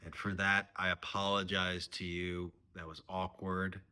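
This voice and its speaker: A man's voice: low voice, completely flat delivery, a little slow, pushed and bright, clean tone. A man doing a mock-serious comedy monologue, rambling and earnest, sometimes trailing off to a whisper. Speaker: comedian host.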